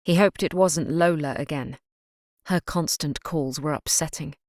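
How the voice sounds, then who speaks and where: A woman narrating a crime novel audiobook in an even, measured way. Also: sits low, dry recording, studio quality. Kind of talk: scripted narration.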